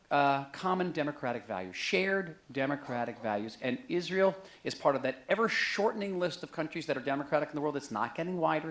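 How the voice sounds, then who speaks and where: A man's voice: a little high, fairly bright tone. A middle-aged man giving a book talk to an audience in a museum auditorium, conversational and joking. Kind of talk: public lecture to an audience.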